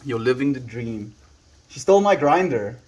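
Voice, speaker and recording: A man's voice: mid-range voice, expressive, moderate pace, a little mellow, slightly rough. A South African man from South Africa chatting casually on a livestream from home into a handheld phone, musing aloud and thanking viewers by name.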